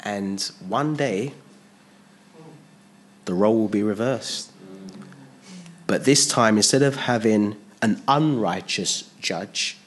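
A man teaching an expository sermon on a Bible passage. He voices the speakers in the text and rises and drops sharply in pitch and volume. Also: takes it slowly, pauses often, slight background noise. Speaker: preacher.

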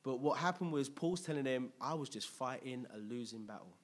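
A man preaching a sermon in a conversational, lively way, asking the congregation questions. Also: medium pitch, a little fast.

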